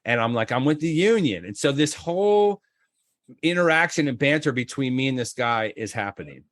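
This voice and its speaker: A middle-aged man from Florida, a podcast guest telling a story with lively acted-out quotes, jumping into high voices for the other people in it. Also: brisk, no room sound, studio quality. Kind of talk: animated storytelling.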